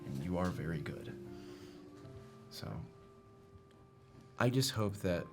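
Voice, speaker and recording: A man playing a tabletop role-playing game, speaking softly and earnestly in character. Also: low voice, lively intonation, takes it slowly. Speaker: player. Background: music.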